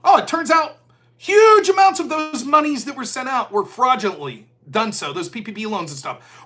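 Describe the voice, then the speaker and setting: A man hosting a political commentary live stream reads viewer donations and sarcastically mocks opponents, mimicking them in put-on voices. His voice is extremely high, sing-song and sharp, delivered at normal speed.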